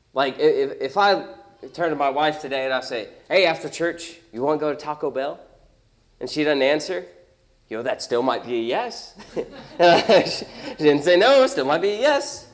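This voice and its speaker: A man's voice: fairly high pitch, a little mellow. A young adult man preaching a sermon as pastor, conversational and emphatic, with many rhetorical questions.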